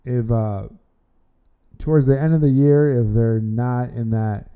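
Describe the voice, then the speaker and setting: A man's voice: mid-range voice, steady tone, unhurried, clear, resonant tone, narrow, tinny audio. A man hosting an amateur sports podcast, talking casually and rambling, often repeating words and restarting his sentences. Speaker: podcast host.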